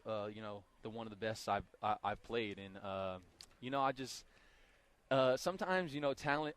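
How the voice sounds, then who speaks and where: A young man still catching his breath after a basketball game, talking loosely and rambling through plenty of fillers. His voice sits on the low side for a man. He sounds easygoing and unscripted as he answers postgame questions. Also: clean tone. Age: young adult. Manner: relaxed, rambling with many fillers. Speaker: college basketball player. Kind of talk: postgame interview.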